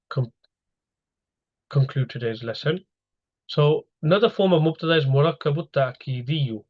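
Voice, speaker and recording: A man's voice: medium pitch, lo-fi sound. A man teaching an online grammar lesson over slides, explaining step by step and asking his students questions.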